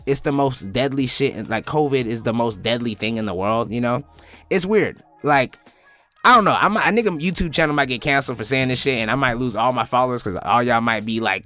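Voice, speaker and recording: Animated young man with a bright voice. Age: 20s. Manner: animated, profane, jumps into high-pitched impressions. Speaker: comedian podcast host. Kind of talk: comedic monologue.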